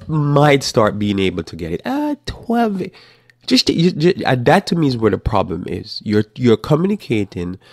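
A man hosting a live Bible teaching talk, speaking informally and acting out parents and children in quick asides. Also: lowish voice, vocal fry, a little mellow, no room sound, clean studio sound.

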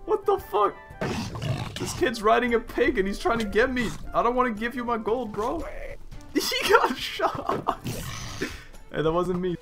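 A man with a gravelly, creaky voice riffs through his gameplay, his pitch leaping up and down as he jokes and laughs. Game music plays in the background. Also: sing-song, measured pace, long pauses. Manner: jokey, laughs often, banters with himself. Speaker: gaming streamer. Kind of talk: playful gameplay commentary.

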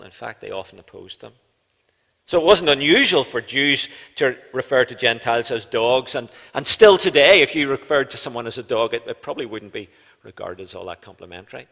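A Northern Irish man delivers a sermon at a middle pitch, asking the congregation rhetorical questions. His voice rises and falls sharply in volume to press each point. It carries a long reverb from a church live stream. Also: fairly bright tone. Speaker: preacher.

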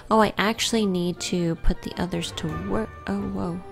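A woman casually commenting on her own gameplay, often dropping to a soft whisper. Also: medium pitch, fairly even intonation, normal speed, creaky, over music. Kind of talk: casual let's-play commentary.

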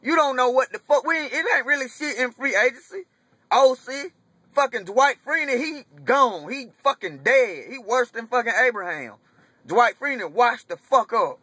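A man's voice: very high voice, expressive, normal speed, sharp tone, breathy edge, dry recording. A young man ranting in a vlog, angry and profane, repeating himself as he vents. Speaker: vlogger.

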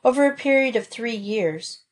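A woman's voice: a little high, lively intonation, normal speed. A woman reading aloud as an earnest teenage boy who explains things to his father.

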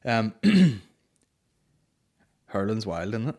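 A man's voice: fairly low pitch, very animated, extremely slow, darkish tone. A Northern Irish man hosting a comedy podcast, chatting casually, swearing a lot and slipping into mocking impressions. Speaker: podcast host.

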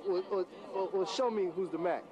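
A man's voice: high voice, a little fast, crowd noise, poor audio. A man teasing and goading a friend while filming on a city street. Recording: street noise on handheld camera.

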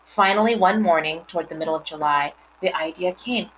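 A mother reading a storybook aloud and pausing to explain words and scenes to her listeners. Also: fairly low pitch, fairly bright tone, a little hiss or hum, poor audio.

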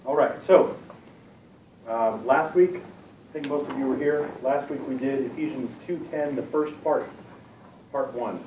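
A man's voice: medium pitch, unhurried, pauses often, darkish tone, a little hiss or hum. A man teaching a Bible lesson to a youth group, talking casually with fillers and repeated words. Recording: echoey room, from far off.

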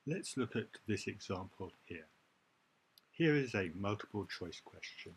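A man's voice: on the low side, expressive, unhurried, slight background noise. A male teacher giving an exam-prep reading lesson, who explains step by step and stresses key points. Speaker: IELTS teacher.

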